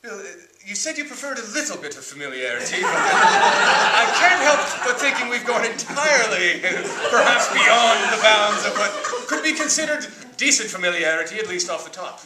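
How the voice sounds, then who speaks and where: A man's voice: high-pitched, sing-song, very noisy. A man playing a stammering court therapist. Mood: hesitant. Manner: halting, stammering, politely formal. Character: awkward male court therapist. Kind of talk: improv scene. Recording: roomy, distant mic.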